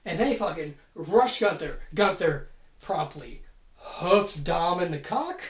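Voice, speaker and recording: This woman's low voice has lively intonation and a slow pace as she hosts her podcast. It's a casual fantasy-booking monologue, a playful story laced with profanity, recorded in an echoey home room.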